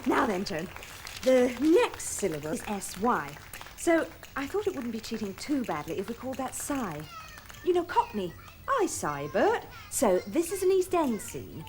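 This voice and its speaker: A woman's voice: fairly high pitch, very animated, moderate pace, a crowd in the background, background noise. An actress playing an earnest, dreamy young woman running a party game in a televised stage drama. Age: young adult. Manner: eager, bossy, reflective.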